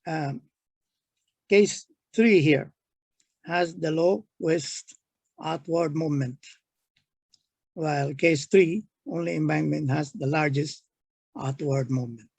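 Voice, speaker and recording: An older man giving a halting technical engineering lecture, walking through slides step by step. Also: fairly high pitch, gravelly, darkish tone, breathy edge, dry recording. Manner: slow, halting, pointing at slides.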